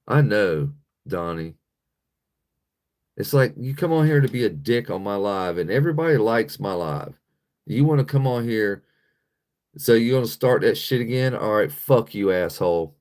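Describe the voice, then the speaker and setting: A man's voice: on the low side, very animated, measured pace, long pauses, darkish tone. A man hosting a casual livestream, talking bluntly and profanely to his chat and laughing often. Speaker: livestream host.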